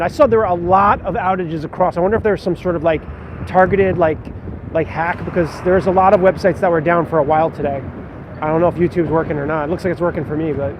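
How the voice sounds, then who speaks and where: A man, a vlogger and stage actor, chatting casually in a rambling, self-deprecating way while he walks and reads viewer comments aloud. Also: fairly high pitch. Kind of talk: casual live-stream chat while walking. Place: city street outdoors. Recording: muffled lo-fi phone audio with loud street noise.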